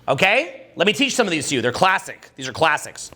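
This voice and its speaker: A man's voice: on the high side, big pitch swings, a little fast, sharp tone. A man running a live dating seminar, crude and joking, quizzing the audience and making them repeat words. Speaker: dating coach.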